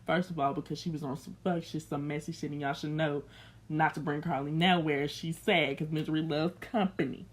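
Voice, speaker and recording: A woman's voice: deep voice, fairly even intonation, brisk, a little hiss or hum. A young woman recapping a reality show in blunt, slangy, sassy chat, unscripted.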